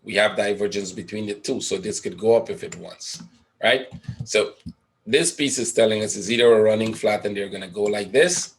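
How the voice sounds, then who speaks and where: A man teaching a live trading webinar, thinking aloud over a chart, asking and answering his own questions with frequent "right?" tags. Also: lowish voice. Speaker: trading educator.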